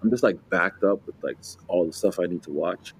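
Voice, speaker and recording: Speaking a little fast in a deep voice, a late-twenties man from New Jersey co-hosts a podcast in casual conversation. He laughs often and rambles, piling on fillers and restarts. Slight background noise sits under the rough recording.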